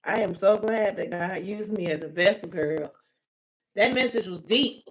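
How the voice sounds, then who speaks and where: A woman's voice: mid-range voice, moderate pace, low-quality recording. A woman tarot reader on an emotional live stream, talking to her viewers, repeating herself and close to tears. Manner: spiritual, ends with a prayer.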